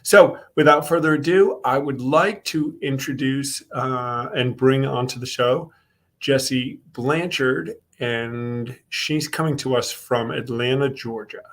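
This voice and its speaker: A man's voice: mid-range voice, slow. A man with a Northeastern American accent hosting a casual online show, chatting easily and greeting viewers by name. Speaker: host.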